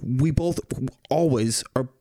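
Slow, musing man in casual chat. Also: medium pitch, mellow, no echo, studio quality. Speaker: podcast co-host.

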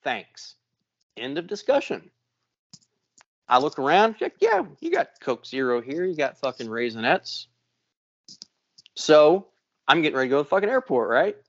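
Guy telling a swear-heavy story on a podcast, kinda high voice, dry lo-fi sound. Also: moderate pace, pauses often, no room sound. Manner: profane, animated storyteller acting out quotes. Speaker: podcast co-host. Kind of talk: casual storytelling.

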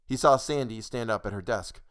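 A man narrating a short story in a measured, dry reading voice. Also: medium pitch, fairly bright tone, smooth.

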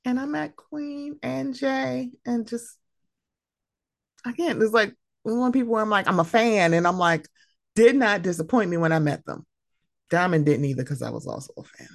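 A woman with a low voice hosts her own podcast, delivering a casual solo monologue of animated stories about friends. She's emotional and sometimes tearful. The recording is dry and clean, studio-quality on a close podcast mic.

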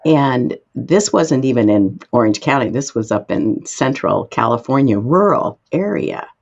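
A woman guest expert answering interview questions, explaining in an emphatic way with sudden lifts in pitch. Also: expressive, measured pace, vocal fry, darkish tone, lo-fi sound.

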